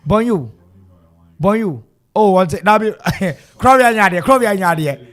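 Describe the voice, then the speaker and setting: A man's voice: high voice, lively intonation, unhurried. A man co-hosting live radio football commentary, playful, breaking into chants and singing and mixing languages. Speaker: radio sports co-host.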